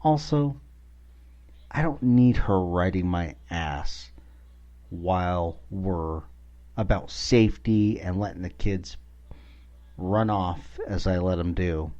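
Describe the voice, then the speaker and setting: A man's voice: deep voice, slow pace, pauses often, warm tone, highs cut off. A man hosting a podcast, ranting in a blunt, profane, exasperated way in a casual monologue. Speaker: podcast host.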